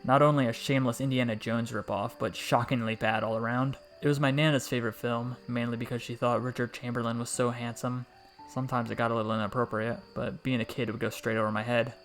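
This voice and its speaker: A man reading a story aloud in a calm, reflective way with dry, wry asides. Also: mid-range voice, fast, few pauses. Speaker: story narrator. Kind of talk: scripted storytelling narration. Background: faint background music.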